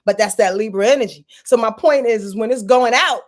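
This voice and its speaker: Speaking fairly quickly in a higher register, this astrology channel host runs through a casual forecast. She chats freely, uses profanity, and laughs at herself a lot.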